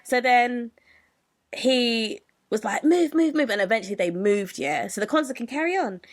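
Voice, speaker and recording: A young woman, co-hosting a podcast in casual chat and telling a story with lively acted-out quotes and frequent laughter. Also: a little high, moderate pace. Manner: expressive storyteller, acts out quotes, laughs often. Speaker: podcast co-host.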